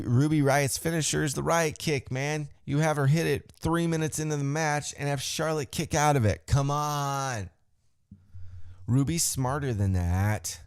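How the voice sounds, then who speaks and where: A man hosting a casual podcast, talking through a wrestling match with plenty of swearing. He acts out wrestlers' lines in a raised pitch. His voice sits in a middle range and is recorded dry and close. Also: a little mellow, no room sound. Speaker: podcast host.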